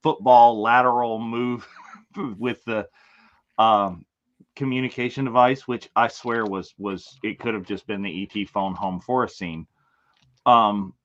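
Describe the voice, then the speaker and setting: A man co-hosting a casual online panel discussion, talking in an animated, rambling way with frequent restarts. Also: medium pitch, lo-fi sound. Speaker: podcast co-host.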